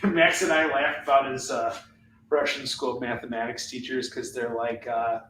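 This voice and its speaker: In this live shopping stream, a middle-aged comic book seller chats and jokes unscripted from his home. He speaks at medium pitch and a moderate pace, his intonation fairly even and his tone a bit bright. There's slight hiss or hum, a roomy echo, and some distance from the microphone.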